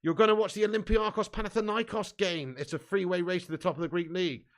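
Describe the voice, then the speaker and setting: Excitable, matey man streaming live. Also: sits high, fast talker. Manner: excitable and laughing, swears freely, matey banter. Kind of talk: casual live stream chat reading viewer comments.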